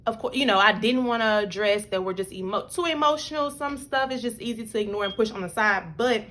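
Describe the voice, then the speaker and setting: A woman's voice: medium pitch, fairly bright tone. A young adult woman telling a personal story to her viewers in a loose, chatty way, full of "like" and "y'all". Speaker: vlogger. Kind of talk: casual storytelling.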